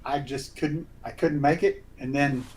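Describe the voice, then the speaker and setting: A man who acts in community theatre, telling animated anecdotes in a casual chat. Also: medium pitch, a little slow, slight background noise, poor audio. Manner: animated storyteller, does voices in quotes. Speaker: community theatre actor guest.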